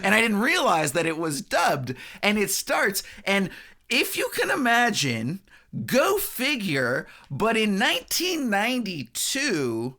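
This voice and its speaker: A man co-hosting a film podcast, talking in a loose, excitable way that swings widely up and down in pitch. His tone is bright and a little raised, and he breaks into laughs and casual curses as he goes. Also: slow pace. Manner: animated, laughing, swearing freely. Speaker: podcast co-host. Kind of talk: casual film-review chat.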